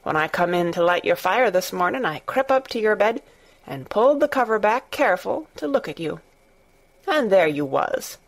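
A woman's voice: medium pitch, big pitch swings, moderate pace. A woman voicing a plainspoken, friendly young housemaid with a Yorkshire accent and homely dialect, in an audiobook. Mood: chatty. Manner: blunt, homely dialect with thee and thou. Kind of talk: audiobook character voice.

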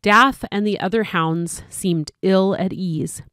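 A woman reading a storybook aloud as narrator, steady and clear, with small slips. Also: medium pitch, slow, no echo, studio quality.

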